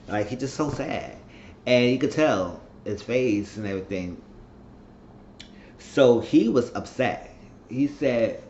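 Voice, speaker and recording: A man's voice: medium pitch, expressive, slow, long pauses, darkish tone, slight background noise. A man giving a casual TV episode recap, retelling scenes and acting out the characters' lines. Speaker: TV show recap vlogger. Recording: echoey room, dull lo-fi sound.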